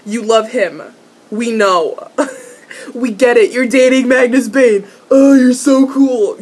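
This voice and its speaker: A young woman doing a casual, excitable fan recap of a TV episode, laughing, swearing and repeating herself as she rambles. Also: a little high, breathy edge. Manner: excitable, swearing, giggly, trailing off and repeating words. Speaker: vlogger reviewing a TV episode.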